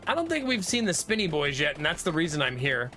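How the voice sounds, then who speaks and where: Brief: male game streamer, high bright voice, chatty and laugh-prone, faint game music underneath. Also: big pitch swings, fast. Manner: chatty, laughs often, reads out viewer comments. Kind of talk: casual live-stream chat.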